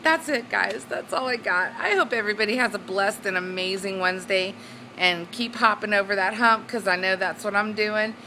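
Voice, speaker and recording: Bubbly woman with a bright voice. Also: medium pitch, normal speed, a little hiss or hum, poor audio. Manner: bubbly, giggly, excitable. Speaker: weight-loss vlogger. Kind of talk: casual vlog chat. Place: at home indoors, then on a swing.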